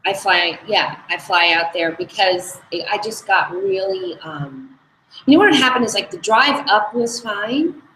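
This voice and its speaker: A woman's voice: medium pitch, expressive, unhurried, pushed and bright. A woman in her thirties co-hosting a casual podcast chat, a chatty storyteller. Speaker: co-host. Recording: echoey room, faint noise.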